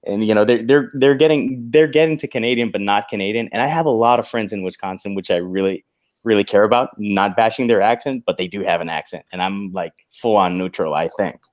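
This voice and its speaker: A bilingual man in a casual video-call chat, with a voice set slightly low. He talks loudly and in animated bursts, restarting his sentences and chuckling as he goes. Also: fairly quick. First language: bilingual in English and Spanish. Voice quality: naturally loud voice. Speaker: guest author.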